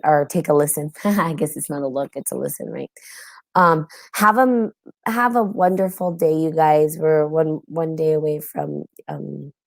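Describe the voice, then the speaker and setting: A low-pitched woman's voice with vocal fry, recorded in studio quality and free of room sound. As host of a casual spiritual podcast with a live audience, she's chatty yet tired, yawning, saying um a lot and laughing often.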